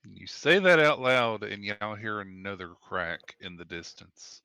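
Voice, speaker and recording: A man narrating a tabletop role-playing game as game master, describing scenes in a measured way. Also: lowish voice, expressive, sharp tone, clean tone, dry recording.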